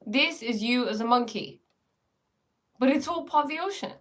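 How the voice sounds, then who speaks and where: A woman's voice: fairly high pitch, expressive, moderate pace, fairly bright tone. A woman teaching spiritual ideas in a casual live stream, playful and often laughing as she answers viewers.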